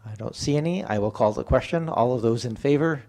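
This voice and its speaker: A man chairing a council meeting as mayor, speaking in a measured, procedural and slightly hesitant way in a council chamber. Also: mid-range voice, a little mellow.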